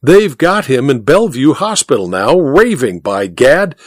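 A man reading aloud, voicing an excitable dapper gentleman who talks in an agitated, urgent way. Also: medium pitch, a little slow, dry recording, studio quality. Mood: insistent.

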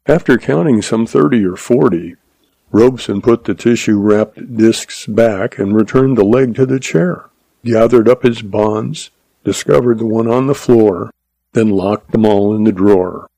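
A man reading a western story aloud as narrator in steady storytelling. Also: lowish voice, unhurried, creaky, no echo. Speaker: audiobook narrator. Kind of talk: scripted narration.

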